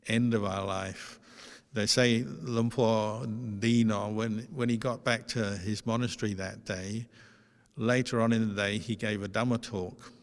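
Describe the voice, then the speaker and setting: A man, a Buddhist monk, giving a dharma talk in a gentle, conversational storytelling manner. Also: on the low side. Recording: long hall reverb.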